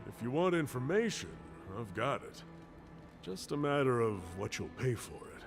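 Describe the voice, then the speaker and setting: A man's voice: mid-range voice, very animated, moderate pace, vocal fry. An actor voicing a curt, businesslike male tavern keeper who sells information in a video game. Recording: game audio under music.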